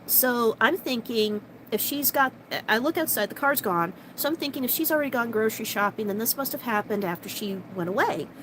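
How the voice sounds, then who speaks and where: A woman vlogger telling a personal story to camera, animated and sarcastic, with fast bursts of talk. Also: on the high side, a little hiss or hum, poor audio.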